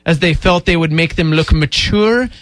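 A man's voice: fairly high pitch, moderate pace, a bit bright, no room sound. A young man hosting a morning radio show, chatting casually in a laid-back way, full of dude and bro. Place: radio studio.

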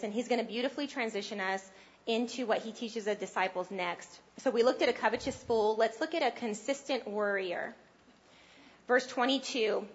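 A woman with a high voice preaches a sermon in an earnest, conversational way, lifting her voice to press a point home. The sound is dull and low-fidelity. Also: a bit bright. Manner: earnest and conversational, rising with emphasis.

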